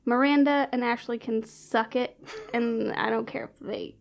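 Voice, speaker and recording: A woman's voice: a little high, steady tone, a little slow, creaky. A woman co-hosting a casual podcast, playful and giggly, with strong opinions. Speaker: podcast co-host. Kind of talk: casual chat.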